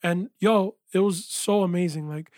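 A man with a high-pitched voice tells his story as a guest in a relaxed interview. He talks with animated energy and leans on "yo" and "like" often. The sound is dry and close, as in a small studio. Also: moderate pace, no room sound. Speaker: guest, music producer and engineer. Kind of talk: casual interview chat.

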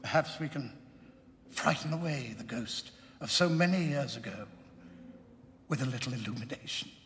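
An actor playing a formal auctioneer at a theater sale, announcing in a measured way. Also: male voice, mid-range voice, a bit bright, a little hiss or hum, lightly acted. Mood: solemn. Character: stately male auctioneer at an old theater sale. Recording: film audio with long reverb.

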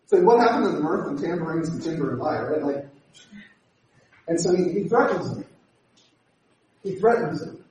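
A man preaching a sermon, animated and acting out the voices he quotes. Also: fairly high pitch, normal speed, long pauses. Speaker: pastor. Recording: echoey hall from far off.

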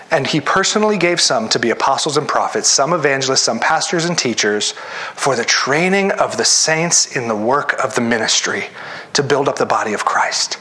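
A man preaching a sermon as pastor, animated and acting out the voices he quotes. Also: fairly high pitch.

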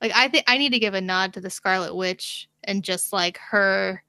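Woman, bright crisp voice, gushing, says like a lot, dry room. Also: medium pitch, moderate pace, no echo. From United States. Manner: enthusiastic, lots of "like". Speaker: podcast co-host. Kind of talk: casual chat.

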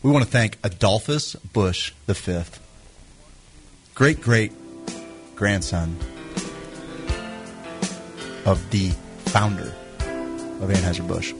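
A man's voice: deep voice, takes it slowly, long pauses, music in the background. A man co-hosting a talk show in playful banter, giving mock-formal thanks. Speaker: co-host. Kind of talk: casual banter.

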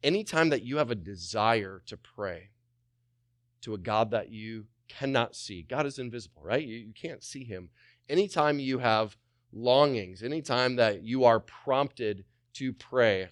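Energetic man preaching a sermon. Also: medium pitch, moderate pace, no room sound, studio quality. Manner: energetic, repetitive, voices the speakers he quotes. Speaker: pastor.

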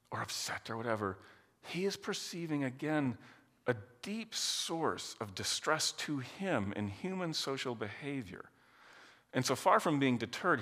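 Lively conversational preacher in a hall. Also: male voice, medium pitch. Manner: lively, conversational, laughs often. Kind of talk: sermon.

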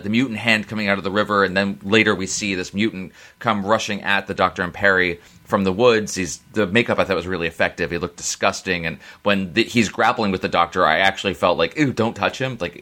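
A man's voice: fairly low pitch, pushed and bright. A man co-hosting a casual podcast discussion who agrees readily, laughs easily and describes scenes in detail. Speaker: podcast co-host.

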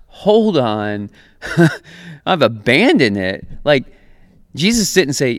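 Casual, animated man preaching in a dry sound. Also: mid-range voice, slow, long pauses, dry recording. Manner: casual and animated, laughing often, acting out quotes. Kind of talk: conversational sermon.

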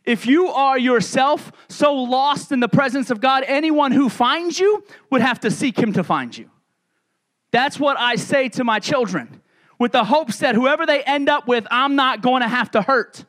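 A man's voice: very high-pitched, normal speed, a bit bright. A middle-aged male pastor preaching a sermon in a conversational, joking manner with frequent asides.

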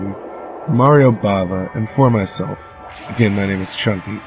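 Lowish guy rambling thru his podcast outro, lots of ums, cussing, bit of music under it. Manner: rambling, heavy fillers, casual swearing. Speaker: podcast host.

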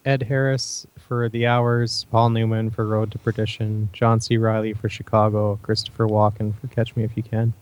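A man's voice: fairly low pitch, little pitch movement, normal speed, hardly any pauses, darkish tone, lo-fi sound. A man co-hosting a casual podcast, making dry wisecracks. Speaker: podcast co-host.

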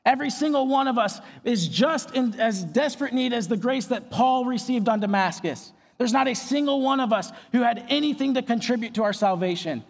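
A man's voice: extremely high pitch, animated, fairly quick, creaky, few pauses. A young man preaching a sermon as pastor, earnest and emphatic, with phrases repeated for weight. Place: large auditorium. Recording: long hall reverb.

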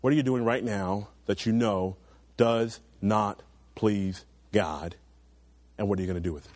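A young man preaching a sermon to teenagers, earnest and urging, rising loud then dropping to quiet low asides. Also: unhurried, dry recording.

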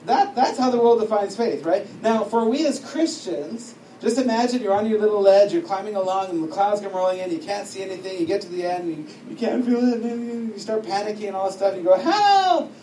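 A man's voice: sits high, brisk, hardly any pauses, dark tone. A man giving an informal, chatty teaching talk to a class, wandering off on side stories and laughing often. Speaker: teacher at a discipleship school. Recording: echoey room, distant mic, faint noise.

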